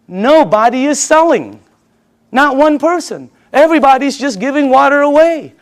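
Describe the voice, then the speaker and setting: A middle-aged man with a noticeably high voice works a room in a live sales presentation. He talks in an emphatic, excitable way and repeats each listener's answer back to them. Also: moderate pace. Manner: chatty and excitable, laughs between points. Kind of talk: live sales pitch to an audience.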